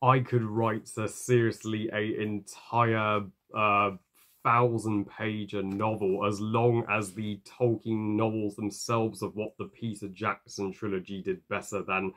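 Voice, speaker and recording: A man giving a ranting film review, halting, with many fillers and curses. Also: on the low side. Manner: halting, full of fillers and profanity.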